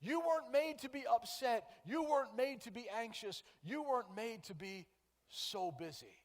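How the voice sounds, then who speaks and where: A man preaching as pastor, earnest and conversational, sometimes dropping to a soft prayerful tone. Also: extremely high pitch, lively intonation, normal speed. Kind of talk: sermon. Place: church sanctuary. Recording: church hall with long reverb.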